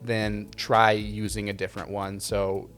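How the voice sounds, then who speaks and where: A man hosting a casual question-and-answer video, giving relaxed, conversational advice with frequent ums and uhs. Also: lowish voice, a little slow, faint music behind. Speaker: video production channel host.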